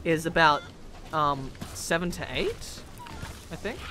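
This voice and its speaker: A man hosting a casual gameplay video, excitable, laughing often and swinging between mumbles and shouts. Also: on the high side, a little slow, slight background noise. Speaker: gaming video host.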